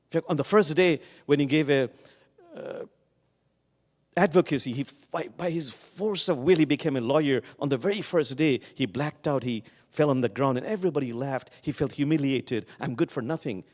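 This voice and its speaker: A man giving a sermon full of stories, lingering slowly on the words he wants to stress. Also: mid-range voice. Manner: slow, lingering emphasis on key words. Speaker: guest speaker at a Sunday service. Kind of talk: sermon with storytelling. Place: church sanctuary. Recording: long reverb of a large hall.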